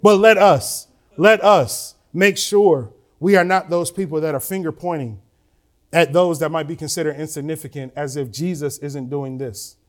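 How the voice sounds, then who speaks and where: A man preaching a sermon to his church, moving between relaxed asides and rising emotional emphasis. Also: fairly high pitch, normal speed. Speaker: pastor. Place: church sanctuary.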